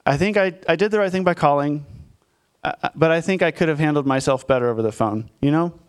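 A man's voice: a little high, quick pace, clear, resonant tone. Candid, self-deprecating male pastor. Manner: candid, self-deprecating storytelling with frequent fillers. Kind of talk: conversational sermon with personal story.

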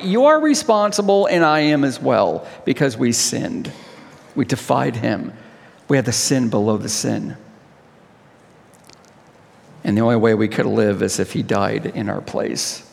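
A male pastor leads communion with an impassioned, expressive sermon, rising to high cries and sinking to hushed tones. His pace is measured and his voice creaky, with the sound of a large room around him.

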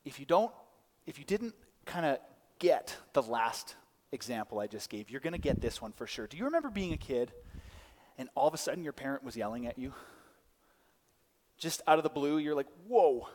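A man's voice: mid-range voice, brisk, long reverb tail. A man in his thirties preaching a sermon, telling stories and acting out voices. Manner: lively storytelling, acting out voices. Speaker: pastor.

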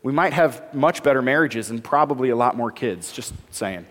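A man's voice: mid-range voice, lively intonation, normal speed, fairly bright tone. A man preaching a sermon as a pastor, conversational and joking, acting out the dialogue while reading scripture. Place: church hall. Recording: long hall reverb.

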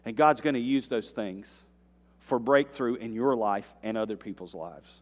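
A male pastor preaching a sermon, swinging between quiet earnest passages and loud, rising bursts, with folksy asides to the congregation. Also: lowish voice, moderate pace. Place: church sanctuary. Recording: long reverb of a church hall.

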